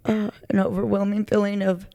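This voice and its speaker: A woman sharing a heartfelt personal testimony, halting and searching for words with many fillers, audibly emotional. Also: medium pitch, level tone, gravelly, dark tone. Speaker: charity recipient sharing her testimony.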